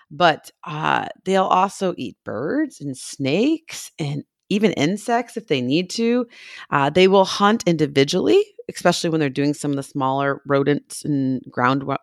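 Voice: mid-range voice, gravelly, dry recording, studio quality. Gushing, enthusiastic podcast co-host. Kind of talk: casual chat.

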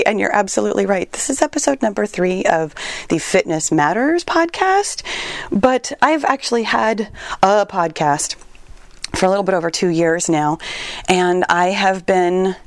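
A woman hosts her own podcast, speaking close to the mic in a dry, deadened space. She sounds near tears, talks in halting, repeated starts and lets small laughs slip through. Her pitch sits in a middle range for a woman. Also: lively intonation, dry recording. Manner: emotional, tearful, laughs often, repeats words while searching for them. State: on the verge of tears. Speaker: podcast host and fitness trainer. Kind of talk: personal podcast monologue.

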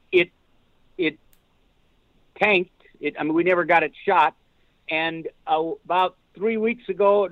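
Older male guest actor, high-ish voice, tinny phone audio; animated, rambling anecdotes. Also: dry recording. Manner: rambling, animated storyteller with restarts. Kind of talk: casual podcast storytelling.

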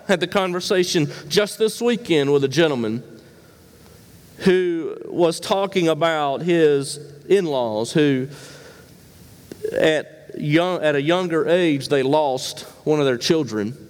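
High-voiced preacher in a reverberant hall. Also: male voice. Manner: rhetorical questions, swings between high emphatic and low quiet delivery. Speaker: pastor. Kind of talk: sermon.

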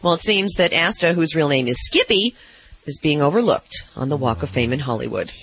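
A man's voice: a little high, lively intonation, fairly quick, a bit bright, low-quality recording. A man reading a scripted animal news segment with a light, wry delivery. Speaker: news reporter.

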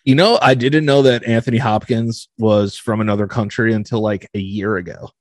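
A man's voice: on the low side, steady tone, normal speed, dry recording. A man co-hosting a podcast, telling crude stories with lots of swearing and laughter. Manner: profane storytelling, laughs often. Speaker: podcast co-host. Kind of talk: casual crude banter.

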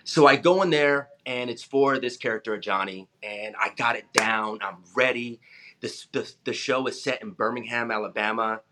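Bright-voiced man telling lively stories. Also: mid-range voice, moderate pace, a little hiss or hum. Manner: animated, acts out voices in anecdotes, laughs often. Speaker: actor guest. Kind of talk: casual interview storytelling.

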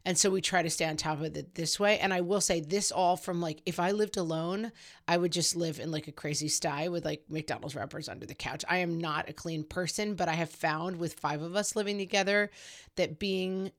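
A woman's voice: fairly low pitch, normal speed. A woman hosting a casual parenting advice podcast, talking chattily with a self-deprecating humor and lots of "like"s.

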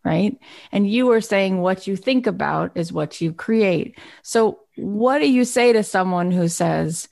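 A woman hosts an interview with an eager, affirming manner. She frames questions on behalf of her listeners and warmly agrees with her guest's points. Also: medium pitch, a little slow, vocal fry. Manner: enthusiastic, affirming. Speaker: host. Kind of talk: conversational interview.

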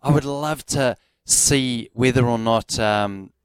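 Smooth-voiced male sports radio co-host. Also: medium pitch, slow pace, no echo. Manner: enthusiastic, rambling with fillers. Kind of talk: casual sports radio chat.

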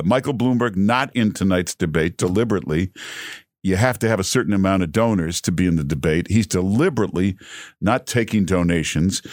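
A man's voice: lowish voice, no echo, clean studio sound. A man guest-hosting a political talk radio show, delivering an emphatic, repetitive monologue full of filler sounds.

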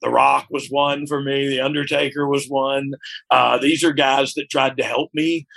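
A man's voice: mid-range voice, level tone, moderate pace, creaky, fairly bright tone. A man being interviewed as a guest, talking frankly and reflectively, often checking "you know what I mean?". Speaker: interview guest, former wrestler. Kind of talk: candid conversational interview.

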